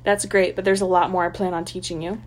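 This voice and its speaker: A woman's voice: on the low side, fast, a little hiss or hum. Sarcastic woman reading a trashy novel. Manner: sarcastic, giggly, deadpan asides. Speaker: podcast co-host reading a novel aloud. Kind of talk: mocking dramatic reading with commentary.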